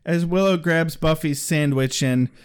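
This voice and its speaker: A man co-hosting a podcast and recapping a show in casual chat, with crude jokes and quick put-on voices. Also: fairly high pitch, clear, resonant tone. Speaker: podcast co-host.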